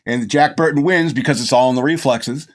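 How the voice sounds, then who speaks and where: A man's voice: mid-range voice, fairly quick. A middle-aged man hosting a podcast, rambling through a casual movie review with frequent laughs. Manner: rambling and gushing, laughs often, acts out movie lines. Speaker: podcast host.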